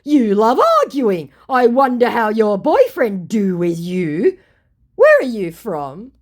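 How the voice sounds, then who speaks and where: A woman's voice: fairly high pitch, big pitch swings, takes it slowly, a little mellow, pitched above the performer's own voice, exaggerated voice. A woman mocking a whiny male scammer. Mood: whiny protesting. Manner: whiny, protesting, broken English. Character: pleading, indignant male online scammer.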